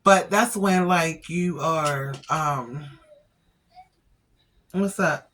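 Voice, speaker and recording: Bright-voiced woman telling a story. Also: low voice, drawn-out words. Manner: chatty, retells events with quoted dialogue. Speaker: vlogger and family caregiver. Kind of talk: casual storytelling to camera.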